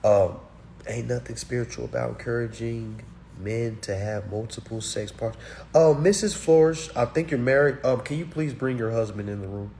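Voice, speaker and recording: Male livestream host, mid-pitched, blunt and sermonizing, constant "okay?" check-ins. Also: moderate pace, warm tone, a little hiss or hum. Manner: preachy, blunt, keeps checking in with "all right?" and "okay?"; emphatic and repetitive, hammering single words. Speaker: livestream host answering viewer comments. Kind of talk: casual livestream monologue.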